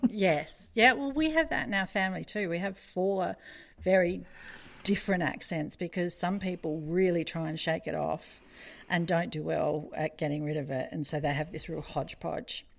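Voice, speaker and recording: A woman's voice: fairly low pitch, moderate pace, gravelly. A middle-aged woman hosting a casual conversation, chatty and digressive with frequent fillers.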